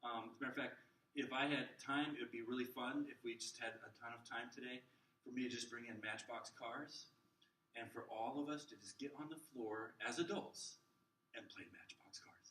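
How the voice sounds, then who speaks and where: A man's voice: mid-range voice, fairly even intonation, moderate pace, sharp tone. A man teaching a workshop to church volunteers on working with kids, in a chatty style that keeps checking in with his audience. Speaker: children's ministry trainer. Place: church room with adult trainees. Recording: echoey room, distant mic, faint noise.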